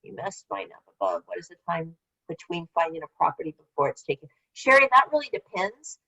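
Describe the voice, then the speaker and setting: A woman's voice: lowish voice, wildly swooping pitch, a little fast, sharp tone. An older woman presenting an online workshop in a casual, rambling way, answering typed questions as she goes. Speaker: webinar presenter. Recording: slightly dull lo-fi call audio.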